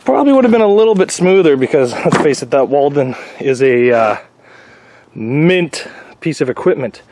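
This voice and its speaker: A man vlogging from his workshop, talking to himself and his viewers in a chatty, excitable way with jokes as he works. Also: a little high, moderate pace. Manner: chatty, excitable, jokey self-talk. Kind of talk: casual workshop vlog. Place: garage workshop. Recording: noisy workshop.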